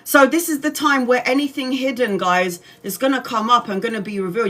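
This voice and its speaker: A woman's voice: a little high, a little fast, fairly bright tone. Chatty swearing woman tarot reader. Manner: chatty, swears freely, laughs often. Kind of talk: casual livestream chat.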